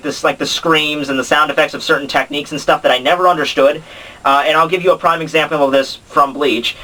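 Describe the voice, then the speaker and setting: A man's voice: fairly high pitch, pushed and bright. A young man casually explaining anime dubbing, rambling with many fillers and restarts. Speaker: anime commentary vlogger. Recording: voice a bit distant from the mic.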